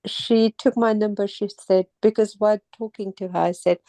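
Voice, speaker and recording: A middle-aged woman from Mauritius, down with a cold and a sore throat, telling her story in a casual, halting way with many pauses and restarts. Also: medium pitch, steady tone, mellow, no room sound. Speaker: interviewee, temple visitor. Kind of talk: casual personal account.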